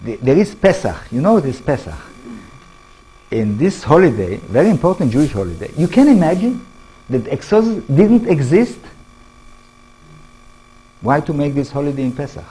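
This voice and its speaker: An older man with an Israeli accent giving a lecture to an audience, in halting English, often restarting words and asking the listeners questions. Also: on the high side, very animated, mellow, husky, faint music behind, low-quality recording. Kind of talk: public talk to an audience.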